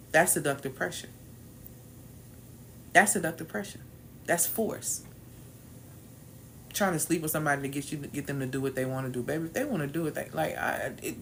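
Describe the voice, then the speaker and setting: A woman's voice: deep voice, a little hiss or hum. Emphatic, preachy woman host. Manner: emphatic, preachy, repeats key phrases. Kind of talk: motivational talk.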